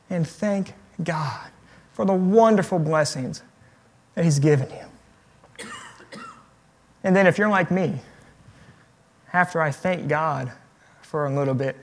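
Male pastor, relaxed preaching voice with gentle jokes, a touch higher than most men. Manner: conversational preaching with light humor. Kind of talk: sermon.

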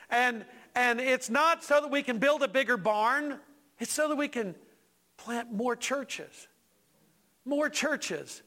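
Bright, high-voiced folksy preacher man. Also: slow pace. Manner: folksy and animated, with asides to the congregation. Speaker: pastor. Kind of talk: sermon.

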